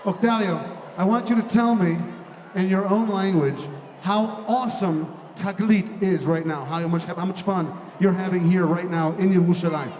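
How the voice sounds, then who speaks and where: A young adult man hosting a big live event with a handheld mic, shouting playful banter to the crowd. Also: high voice, normal speed, slight background noise. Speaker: emcee of a large live event. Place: large indoor hall with a big audience. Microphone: handheld microphone. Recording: echoey hall, mic heard from far off, music and crowd behind.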